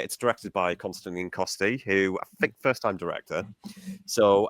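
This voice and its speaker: A man's voice: lowish voice, fairly bright tone, dry recording. A man chatting enthusiastically on a podcast, reviewing a film with laughs and asides. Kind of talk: casual chat.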